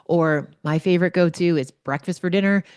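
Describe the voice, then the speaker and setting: A woman's voice: on the low side, brisk, a little mellow, clean tone, no echo, studio quality. A middle-aged woman hosting a podcast, giving casual, chatty advice and anecdotes. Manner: chatty and anecdotal, with fillers like "like" and "right?". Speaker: podcast host.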